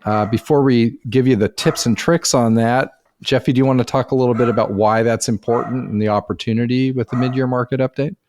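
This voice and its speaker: A man's voice: mid-range voice, steady tone, brisk, few pauses, darkish tone, a little hiss or hum. A middle-aged man co-hosting a real estate podcast in a folksy, upbeat, joking way. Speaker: podcast co-host. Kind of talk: casual chat.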